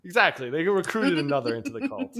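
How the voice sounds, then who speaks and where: Very animated and fast-talking, this man has a fairly high, fairly bright voice and a New York accent. He's from New York and co-hosts a casual podcast, spinning a long rambling story full of casual curses and frequent laughs.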